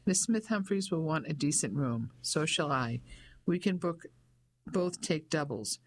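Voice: mid-range voice, lively intonation, measured pace. Narrator doing poised English lady, polite, composed.

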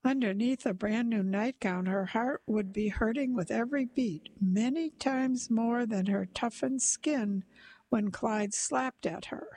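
A woman narrating a literary short story aloud in a slow, measured, softly dramatic way. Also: fairly high pitch, rough recording.

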